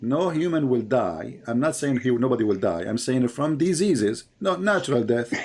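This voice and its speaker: A man's voice: medium pitch, lively intonation, moderate pace, a little mellow. A man hosting a heated live debate, mocking and combative, hammering the same words over and over. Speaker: host.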